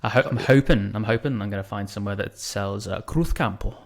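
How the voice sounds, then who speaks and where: A man's voice: lowish voice, brisk, vocal fry. A man co-hosting a casual podcast, giving short, dry, laconic replies. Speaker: podcast co-host. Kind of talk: casual chat.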